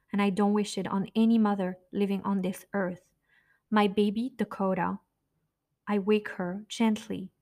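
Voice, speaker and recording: A woman's voice: medium pitch, darkish tone. A woman narrating her own memoir in a blunt, raw, profane way.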